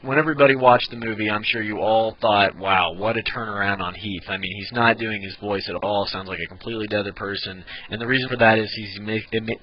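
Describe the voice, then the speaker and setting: In a casual tutorial, a man teaches how to do voice impressions, demonstrating as he goes and frequently restarting mid-sentence. His voice sits lowish, and the recording has its highs cut off.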